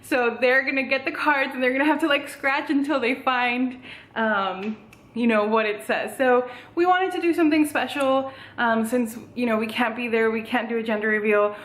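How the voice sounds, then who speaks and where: Filming herself at home on a tripod, a breathless young woman rambles through a bubbly, casual vlog, dropping plenty of "like" and "um." Her voice sits on the high side, slightly bright, at a moderate pace, in an echoey room.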